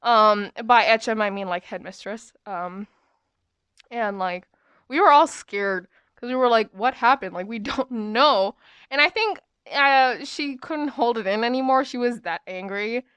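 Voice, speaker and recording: Chatty young woman, crisp dry voice. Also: fairly high pitch, animated, measured pace, a bit bright, dry recording, dull audio. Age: young adult. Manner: rambling, chatty, lots of fillers. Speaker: podcast host. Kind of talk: casual storytelling.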